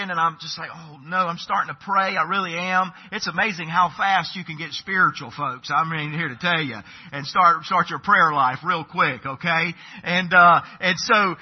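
Folksy preacher, husky voice. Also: male voice, on the high side, highs cut off. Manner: folksy, addresses listeners as folks. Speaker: pastor. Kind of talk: sermon storytelling.

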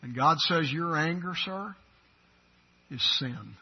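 A man preaching a sermon as pastor, swinging from loud, emphatic declarations to quiet, intimate asides. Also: on the high side, animated, slow, breathy edge, highs cut off.

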